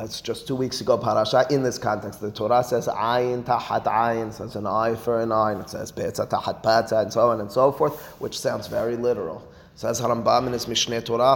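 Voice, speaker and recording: A man teaching a Talmud class in an animated, emphatic way, with quick asides and rhetorical questions. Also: medium pitch, vocal fry. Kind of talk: classroom lecture.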